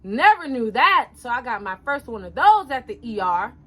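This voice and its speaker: A woman in her twenties talking casually and animatedly to the camera, speaking straight to her viewers and dropping her voice low for asides. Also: moderate pace. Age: 20s. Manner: chatty, animated, addresses viewers directly as y'all. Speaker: vlogger.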